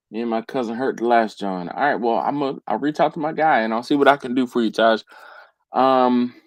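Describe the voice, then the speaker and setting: A man's voice: medium pitch, no room sound. A man hosting a barbecue channel, chatting casually on a live stream and rambling with restarts. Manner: animated, rambling, with repeated restarts.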